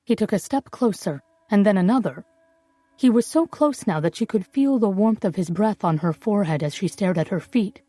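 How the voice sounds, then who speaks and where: A woman reading a novel aloud as audiobook narrator, in measured storytelling. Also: mid-range voice, expressive, warm tone, dry recording. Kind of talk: scripted narration.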